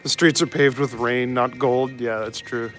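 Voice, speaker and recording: A man's voice: medium pitch, fairly even intonation, moderate pace, fairly bright tone, soft background music, poor audio. A man hosting a live stream while walking city streets at night, casually chatting and joking with viewers as he reads their messages aloud.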